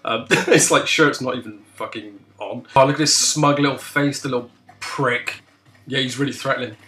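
A man's voice: medium pitch, fairly even intonation, normal speed, a bit bright, a little hiss or hum. A man giving gameplay commentary who swears constantly, laughs a lot and mocks what he sees. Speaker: gaming video host.

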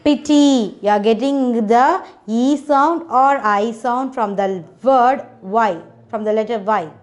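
A woman's voice: a little high, takes it slowly. A woman teaching a children's phonics lesson, spelling out letters one by one, repeating each word and checking in with "okay".

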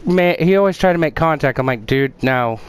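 A man's voice: on the high side, fast, a crowd in the background. A man chatting casually, telling rambling, profane stories and laughing often. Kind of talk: casual chat.

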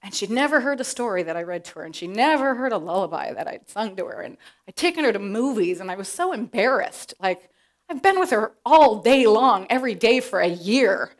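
A middle-aged woman telling a personal story to an audience, animated and acting out the voices she quotes. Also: a little high, a little fast. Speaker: presenter.

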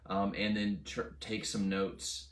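A man co-hosting a ministry talk, speaking hesitantly with many pauses and restarts. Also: lowish voice, level tone. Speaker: co-host. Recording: echoey room, distant mic.

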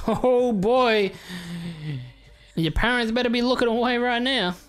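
A man giving casual, crude commentary while opening trading card packs, excitable and swearing often. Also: very high voice, a little slow, clean tone, faint music behind. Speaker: YouTuber.

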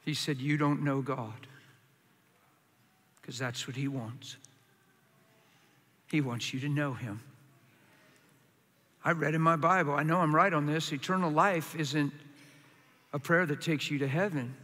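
A man preaching a sermon with passion, swinging from quiet, confiding lines to loud, urgent ones. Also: fairly high pitch, measured pace, pauses often. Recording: hall reverb.

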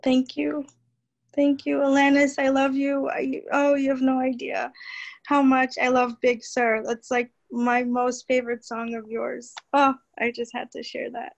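A woman's voice: high-pitched, completely flat delivery. Gushing woman on muffled call audio. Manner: gushing and tearful, with sighs and breathy pauses. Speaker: participant. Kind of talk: emotional sharing on a video call.

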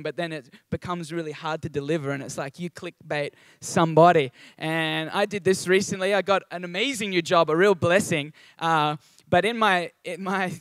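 A man's voice: high voice, a bit bright, dry recording. A young Australian man giving a chatty, upbeat sermon at a church service. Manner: chatty and upbeat, with frequent ums and asides. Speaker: guest preacher.

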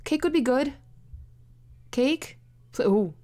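A woman hosting a gaming channel, giving excitable, chatty let's-play commentary full of exclamations. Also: high voice, slow pace.

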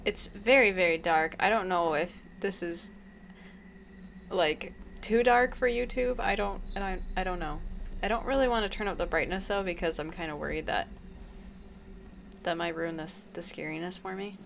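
A woman's voice: fairly low pitch, moderate pace, vocal fry, fairly bright tone, slight background noise. A woman commentating a horror game she plays, often exclaiming in fright and laughing nervously. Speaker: gaming YouTuber.

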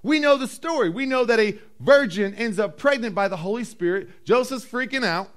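A man preaching a sermon as pastor, telling the story with animated acted-out voices and dropping low and slow for emphasis. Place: church.

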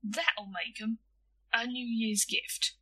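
A woman's voice: a little high, slow pace, pushed and bright, husky, heavily acted. A woman voicing a cheeky, hopeful schoolboy in a storybook reading, coaxing and wheedling.

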